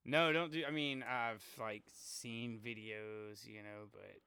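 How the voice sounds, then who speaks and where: A man's voice: mid-range voice, steady tone, slow pace, bright, forceful tone, clear, resonant tone. A man hosting a casual podcast, mostly giving brief encouraging replies to his guest.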